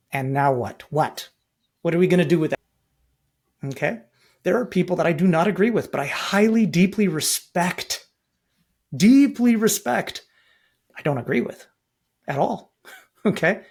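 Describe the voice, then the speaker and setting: Middle-aged man from Canada, husky and slightly high voice, emphatic podcast guest. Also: normal speed, long pauses. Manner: emphatic, rhetorical questions. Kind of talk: podcast interview.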